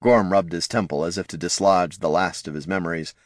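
A man narrating a fantasy audiobook in a lively, expressive reading style. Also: sits low, fairly quick, dry recording, studio quality.

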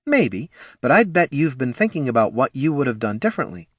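A man's voice: mid-range voice, very animated, brisk, slightly rough, dry recording, pitched above the performer's own voice. A man voicing a confident female elf ranger who coaxes and persuades. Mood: coaxing. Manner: coaxing, persuasive, sure of herself.

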